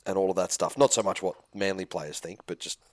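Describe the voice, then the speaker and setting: A man's voice: low voice, steady tone, fairly quick, no room sound. A man co-hosting a podcast, talking in a laid-back, joking way and swearing casually. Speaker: podcast co-host.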